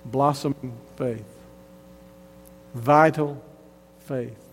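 A man's voice: mid-range voice, steady tone, extremely slow, big-room sound, slight background noise. A man preaching a sermon, emphatic and earnest, often restarting his phrases as he builds a point. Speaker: pastor.

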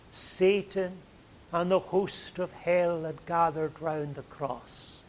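A man preaching a sermon in a dramatic way, dropping to a hush and then rising loud. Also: on the high side, fairly even intonation, takes it slowly, a little hiss or hum. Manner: dramatic, swings from hushed to loud.

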